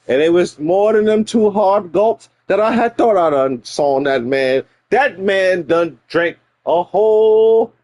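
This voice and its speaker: A man tells a comic story on his live stream, swinging from loud bursts to mumbled asides. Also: high voice, lively intonation, unhurried, few pauses, dry recording. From New York.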